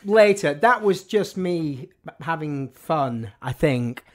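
A man's voice: on the high side, animated, takes it slowly. A man, a music journalist telling anecdotes in an interview, with a dry, wry humour.

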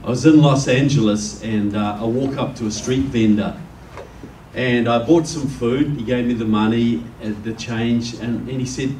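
A New Zealand-accented man addresses a roomful of people, easing in with jokes before turning earnest. His voice sits at an ordinary middle pitch, caught from a distance so it rings around the room. A faint hum of ambience lies underneath. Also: fairly even intonation, moderate pace, darkish tone. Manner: conversational storyteller, jokes with the crowd. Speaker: guest speaker. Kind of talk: public speech to a live audience. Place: meeting room with an audience. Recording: echoey room, distant mic.

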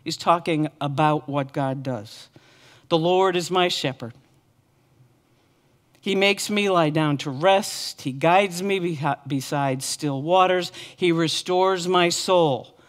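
A woman's voice: low-pitched, takes it slowly, few pauses. A woman pastor preaching a sermon with earnest, impassioned repetition. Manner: earnest, impassioned repeated lament.

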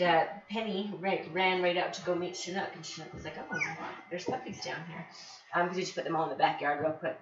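A woman dog breeder chatting casually to her viewers at home with her puppies, with many fillers and restarts. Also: deep voice. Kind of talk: casual vlog talk to viewers. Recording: roomy, distant, dull, noisy home recording. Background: dogs heard in background.

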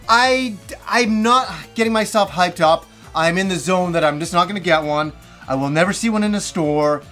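A middle-aged man hosting a show, chatting casually in a rambling, animated way. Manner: animated, rambling storyteller with quick pitch jumps. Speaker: host. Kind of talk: casual solo chat.

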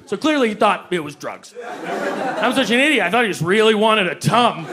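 A young man doing a stand-up comedy set, animated and breaking into acted voices for the people in his stories. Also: fairly quick. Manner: animated, jumps into high-pitched acted voices for quoted people. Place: comedy club stage before a live audience. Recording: live club recording with loud crowd and noise. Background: audience laughter.

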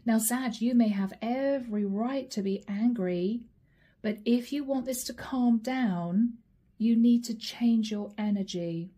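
A woman's voice: fairly high pitch, unhurried, mellow. A woman giving a tarot reading, addressing the viewer directly with probing, repeated questions. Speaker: tarot reader.

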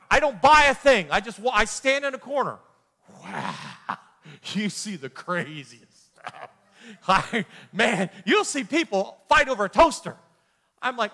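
A man pastor teaching a Bible study in an animated, joking way, with frequent exclamations and repeated words. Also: very high voice, unhurried. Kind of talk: lively sermon-style teaching. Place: church hall.

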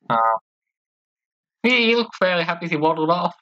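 A woman's voice: on the low side, lively intonation, fairly quick, fairly bright tone, no echo. A woman giving casual commentary while playing a game, chatty and giggly, reading character lines aloud and trying out playful voices. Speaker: let's-play host. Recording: slightly dull lo-fi sound.

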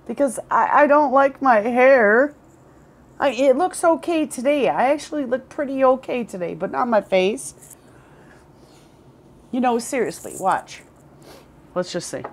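A woman's voice: fairly high pitch, lively intonation, unhurried, long pauses. A woman recording a candid personal vlog at home, rambling, repeating words and swearing. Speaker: vlogger. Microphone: headphones with camera.

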